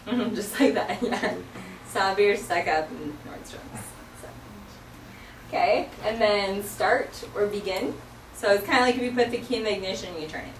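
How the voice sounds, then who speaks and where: A woman teaches a classroom vocabulary lesson, walking through each sign patiently with frequent fillers. Her voice sits at an ordinary middle pitch. It is picked up from a distance in a roomy, echoey classroom, with faint noise behind her. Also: moderate pace. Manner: patient, explains step by step with many fillers.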